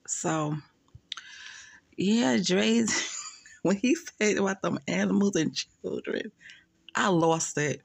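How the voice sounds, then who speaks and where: Chatty woman vlogger with gravelly voice. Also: medium pitch, slow pace, long pauses, dry recording, clean studio sound. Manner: chatty, laughing, retells calls with quoted voices. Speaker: gossip vlogger. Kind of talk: casual commentary vlog.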